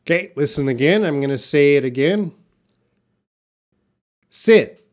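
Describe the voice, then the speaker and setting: A man's voice: a little high, brisk. A man teaching a live online English pronunciation lesson, stretching out example words and chatting casually with viewers.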